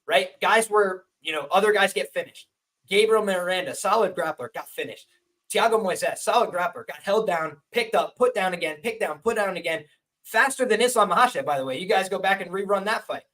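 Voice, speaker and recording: A man's voice: high-pitched, a bit bright, distant mic, poor audio. A man hosting a live-stream podcast, emphatically arguing his fight analysis and acting out what fighters think. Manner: emphatic, argumentative, acts out fighters' thoughts. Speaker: MMA betting analyst, podcast host.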